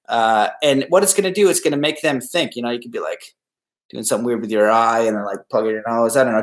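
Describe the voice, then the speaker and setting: A man hosting a solo podcast, giving casual, rambling advice and acting out the people he quotes. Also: medium pitch. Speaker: podcast host.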